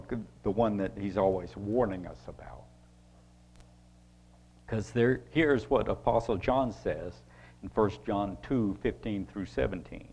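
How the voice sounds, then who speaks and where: A man teaching a Bible lesson to a group in a halting, conversational way, reading scripture passages aloud. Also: lowish voice, a little mellow. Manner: halting, with restarts, reads scripture aloud slowly. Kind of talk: sermon-style Bible teaching.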